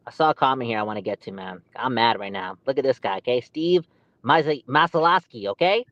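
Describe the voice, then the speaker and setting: A man co-hosting a podcast, ranting in an animated, exasperated way. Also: mid-range voice, a little fast, no echo, highs cut off. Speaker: podcast co-host. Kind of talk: heated casual podcast chat.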